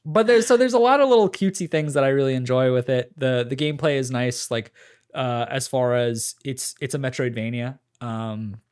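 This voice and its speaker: A man co-hosts a casual podcast, recapping game demos in a loose, rambling way. He uses lots of fillers and his voice sits at an ordinary middle pitch. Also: brisk, darkish tone, smooth. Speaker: podcast co-host.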